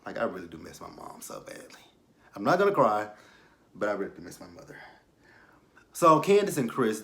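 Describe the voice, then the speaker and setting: A young man in casual chat, recapping a reality show in a candid, rambling way that often trails off into quiet asides. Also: mid-range voice.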